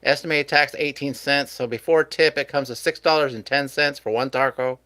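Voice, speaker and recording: A man's voice: medium pitch, fairly even intonation, moderate pace, bright, forceful tone, no echo. A man hosting a live stream, chatting casually with his viewers and chuckling often. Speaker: livestream host.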